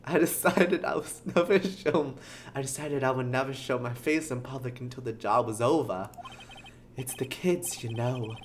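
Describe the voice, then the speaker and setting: Brief: streamer voicing a meek, gentle actor, sleepy soft drawl, slow delivery. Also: mid-range voice, slight background noise, pitched above the performer's own voice, natural voice. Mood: wistful. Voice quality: soft sleepy drawl, loosely New Yorker. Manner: meek, apologetic. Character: gentle soft-spoken man, shy studio actor.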